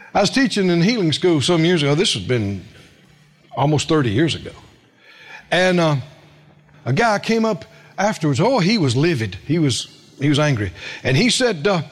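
A man preaching a sermon, telling stories with quoted voices and asking the congregation questions. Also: a little high. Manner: storytelling with acted quotes, asks the congregation questions. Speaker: pastor.

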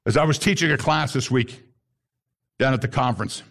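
A man preaching an animated sermon as a messianic pastor, rising to shouts at times and using Hebrew terms. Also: mid-range voice, brisk, gravelly.

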